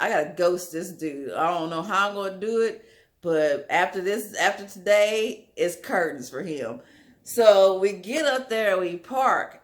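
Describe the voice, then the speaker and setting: Animated young woman telling a story. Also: medium pitch. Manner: animated, full of "like" fillers. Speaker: storyteller, channel host. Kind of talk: casual storytime vlog.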